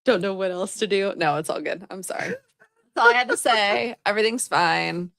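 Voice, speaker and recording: A woman's voice: medium pitch, moderate pace, creaky, fairly bright tone, no echo, studio quality. A young woman co-hosting a podcast, telling a story in a rambling, laughing, apologetic way. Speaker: podcast co-host. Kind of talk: casual chat.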